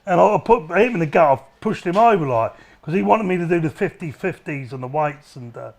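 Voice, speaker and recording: A man with a high, lively voice rambles through stories as an interview guest. His swearing is casual and his speech is loose and full of restarts. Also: fairly quick, creaky. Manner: rambling, profane, laughing storyteller. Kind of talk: casual storytelling.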